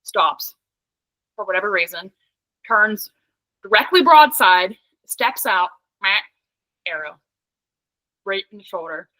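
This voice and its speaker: A young woman from Pennsylvania with a bright, ringing voice, telling a story in lively casual chat. She laughs often and strings her thoughts together with "like". The sound is dry and close. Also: mid-range voice, slow pace, long pauses, no echo, poor audio. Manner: animated, laughs often, heavy use of "like". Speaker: podcast guest, hunter.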